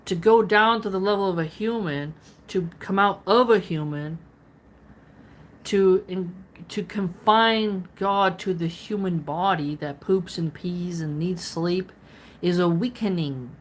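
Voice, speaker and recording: A woman with a lowish voice hosts a philosophy reading. She reads passages aloud and stops often to unpack them in a chatty, playful way, full of casual asides. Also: takes it slowly, low-quality recording. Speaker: philosophy channel host.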